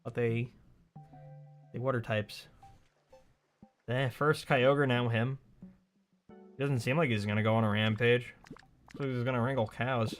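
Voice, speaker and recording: A man's voice: mid-range voice, fairly even intonation, a little slow, long pauses, faint music behind. A man chatting and joking while streaming a video game live. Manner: chatty, jokey, exclaims at the game. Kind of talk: casual live gameplay commentary.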